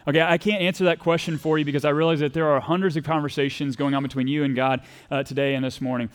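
Speaking quickly in a mid-range voice with fairly even intonation, this Texas-accented pastor delivers a conversational sermon. He acts out quoted voices and asks the congregation questions.

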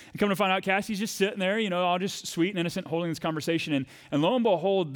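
Male pastor, thirties, slightly high-pitched, conversational sermon delivery building to fervent peaks. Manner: conversational storytelling preacher, rising to fervent emphasis.

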